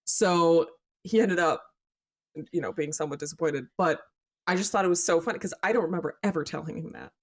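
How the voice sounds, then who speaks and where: A young woman co-hosting a podcast, telling stories in an animated way and swearing casually. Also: fairly low pitch, a little fast. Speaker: podcast co-host. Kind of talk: casual chat.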